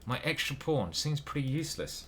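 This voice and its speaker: A man talks through his chess moves as he plays. His voice sits at an ordinary middle pitch, and he mutters moves in short bursts while questioning himself. Faint keyboard clicks come from behind. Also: big pitch swings, normal speed, slight background noise. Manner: muttering move by move, hesitant self-questioning. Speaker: chess grandmaster commentating his own games. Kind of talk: thinking aloud while playing online chess.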